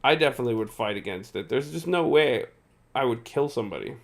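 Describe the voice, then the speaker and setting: A man's voice: medium pitch, expressive, fast, vocal fry. A tired male streamer giving casual live gameplay commentary, chatting with viewers and laughing often. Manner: chatty, reads and answers viewer chat, frequent laughs.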